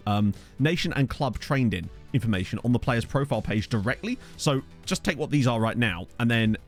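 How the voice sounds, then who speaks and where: A man streaming a football management game, talking in a loose, self-mocking way and breaking into laughs. His pitch swings up and down a lot as he reads chat and weighs up players, and he is hiccuping. Faint music plays underneath him. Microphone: desk USB microphone.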